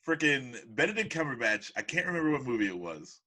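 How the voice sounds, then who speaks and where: A man co-hosting a casual podcast chat, excitable and laughing often. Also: mid-range voice, quick pace, rough recording. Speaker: podcast co-host.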